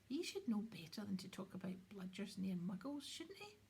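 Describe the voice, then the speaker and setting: A woman voicing a surprised young witch girl in an audiobook, with a breathy voice. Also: medium pitch, big pitch swings, moderate pace, a little mellow, a little hiss or hum. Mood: puzzled. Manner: questioning.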